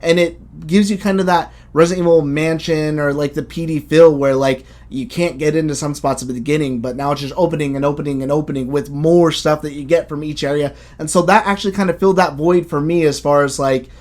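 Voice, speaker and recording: A man hosting a casual game review chat, animated and blunt, swearing freely as he talks. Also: fairly high pitch, fairly quick, hardly any pauses. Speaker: video game podcast host.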